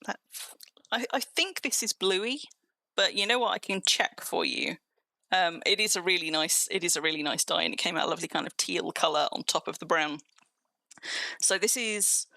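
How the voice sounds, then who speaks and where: A woman's voice: fairly low pitch, vocal fry, bright, forceful tone, dry recording. A young adult woman streaming a game, rambling cheerfully through a tour and answering her viewers' chat as she goes.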